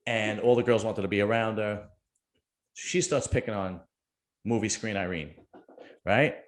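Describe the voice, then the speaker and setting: A man's voice: fairly low pitch, a little slow. A middle-aged man, hosting a casual chat and telling a rambling, joking story. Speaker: podcast host.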